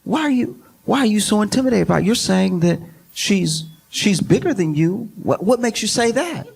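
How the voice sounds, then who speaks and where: A man's voice: sits high, lively intonation, moderate pace, creaky, darkish tone, pitched above the performer's own voice. A man playing a pushy male lawyer who badgers a witness with repeated accusing questions. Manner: badgering, repetitive, insistent.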